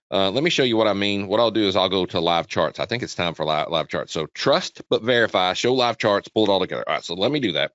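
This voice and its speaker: A lowish, somewhat bright male voice leads a trading webinar, casually going over charts live, repeating points and quizzing his listeners. There's no room sound, and the audio is dull and lo-fi as webinars often are.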